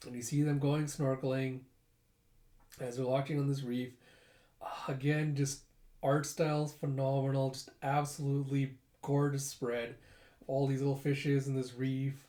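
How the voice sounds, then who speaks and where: A man's voice: medium pitch, flat delivery, unhurried, warm tone, reverberant. A man casually recapping a comic chapter in a rambling, chatty way with many fillers. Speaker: comic reader and reviewer. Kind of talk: casual comic read-through.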